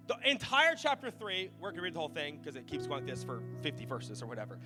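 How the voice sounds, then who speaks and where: A man's voice: fairly high pitch, expressive, quick pace, few pauses, bright, forceful tone. Pastor in his thirties, casual and self-mocking, preaching in a big echoing auditorium. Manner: casual, joking, self-deprecating. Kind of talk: sermon. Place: large church auditorium. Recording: long hall reverb with faint music.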